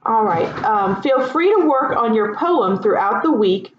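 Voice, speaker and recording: A woman teaching a writing lesson in a casual, relaxed way, with lots of ums and asides. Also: a little high, measured pace, a little hiss or hum. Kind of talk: casual classroom instruction. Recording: echoey room, dull lo-fi sound.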